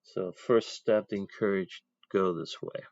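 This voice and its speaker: Low-voiced man teaching an ink drawing demo. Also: fairly even intonation, unhurried, vocal fry, a little mellow, dry recording, lo-fi sound. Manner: talks while drawing, thinking aloud, chatty asides. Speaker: art teacher. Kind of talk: casual drawing demonstration.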